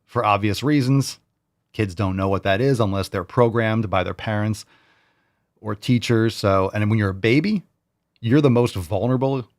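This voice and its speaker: Male reaction host, lowish voice, dry close sound, mocking and disbelieving. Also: moderate pace, no room sound. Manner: mocking, incredulous, repeats clips. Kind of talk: reaction commentary.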